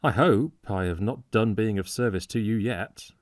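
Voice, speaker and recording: A man reading a storybook part as a frank, cheerful young gentleman who speaks warmly and eagerly and laughs easily. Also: lowish voice, normal speed, dry recording, clean studio sound, close to an everyday voice. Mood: cordial. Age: young adult.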